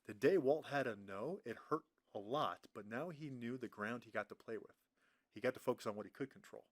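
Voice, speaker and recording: A man's voice: mid-range voice, brisk, no room sound. A man who trains fundraising groups, talking in a casual podcast conversation with an emphatic, enthusiastic manner.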